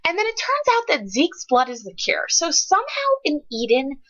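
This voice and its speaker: A young woman with a bright, fairly high voice gushes through a casual book review, swooping up and down as she gets emotional. The sound is dull and lo-fi, like a cheap webcam mic. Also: wildly swooping pitch, normal speed. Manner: gushing, emotional, says "like" a lot.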